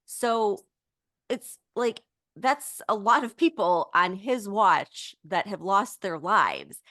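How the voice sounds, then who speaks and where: A woman's voice: mid-range voice, a bit bright, no room sound, studio quality. A woman co-hosting a political podcast, talking in an indignant, urgent way, full of "like" and "you know". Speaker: podcast co-host.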